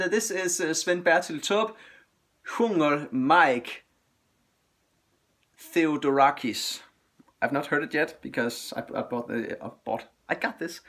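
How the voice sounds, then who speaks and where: A man's voice: on the high side, a bit bright. Enthusiastic man chatting. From Denmark. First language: Danish. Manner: enthusiastic, chatty record reviews. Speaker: record collector vlogger. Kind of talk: casual chat.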